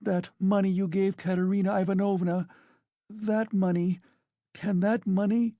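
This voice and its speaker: A man's voice: on the high side, slow pace, gravelly, a little mellow, breathy edge, dry recording, lo-fi sound, pitched above the performer's own voice, heavily acted. A man voicing a timid, pious young woman in an audiobook, asking beseeching questions in a raised voice. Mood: horrified.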